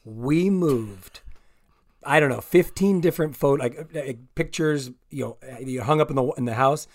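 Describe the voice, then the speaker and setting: A man's voice: mid-range voice, normal speed. A man co-hosting a podcast, chatting casually and teasingly interjecting. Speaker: podcast co-host. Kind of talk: casual chat.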